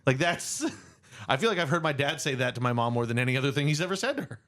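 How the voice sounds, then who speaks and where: Podcast co-host, young male, mid pitch, joking and lively, given to mock yelling. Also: fast. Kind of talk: casual chat.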